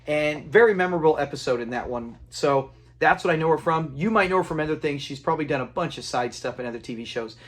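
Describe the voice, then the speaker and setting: A man with a slightly high voice talks through a sitcom episode in a loose, conversational recap. He retells scenes, acts out the characters' lines and chuckles along. It sounds like a relaxed solo video commentary. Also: fast talker. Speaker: TV episode reviewer.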